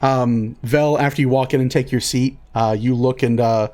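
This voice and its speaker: A man's voice: medium pitch, fairly even intonation, moderate pace, a little mellow. A man running a tabletop game as game master, narrating casually with lots of fillers.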